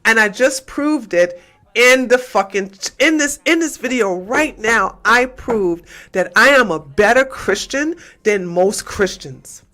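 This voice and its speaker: A woman hosts a heated livestream rant, taunting her chat and firing the same questions again and again. Her voice is bright and tense, and her talk is combative and full of profanity. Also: on the high side, expressive, slow pace. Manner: repeats and hammers questions. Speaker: livestream host.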